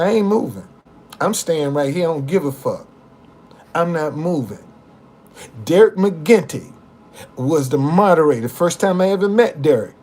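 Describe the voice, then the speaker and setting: An older man telling a personal story in a casual, profane, animated way, often restarting and repeating words. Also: a little high.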